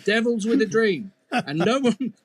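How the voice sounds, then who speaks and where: A man's voice: medium pitch, lively intonation, normal speed. A man doing the devil's doting old granny. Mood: sentimental.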